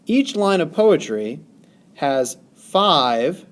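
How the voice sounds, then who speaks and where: A male teacher giving a recorded lesson, speaking deliberately and exaggerating stressed syllables. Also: on the high side, big pitch swings. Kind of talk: recorded classroom lesson narration.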